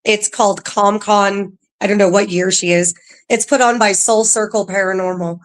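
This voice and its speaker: A chatty woman who laughs often and fills her speech with ums appears as a guest from a paranormal museum's staff in a casual podcast interview. Her mid-range voice holds a steady tone at a moderate pace.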